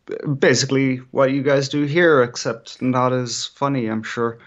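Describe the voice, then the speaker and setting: An Irish man calling in as a guest, talking in a measured, polite way with small hesitations. His voice sits in a middle pitch. It comes through a dull, lo-fi remote line. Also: fairly even intonation. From Ireland. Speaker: radio broadcaster, guest. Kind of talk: casual chat.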